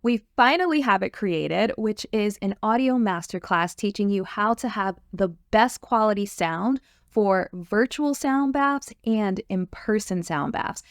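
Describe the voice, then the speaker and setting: Gravelly-toned eager woman host. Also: medium pitch, lively intonation, a little slow, few pauses, no echo, clean studio sound. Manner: upbeat, eager, fillers and restarts. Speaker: host, sound therapy course creator. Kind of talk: enthusiastic course promo chat.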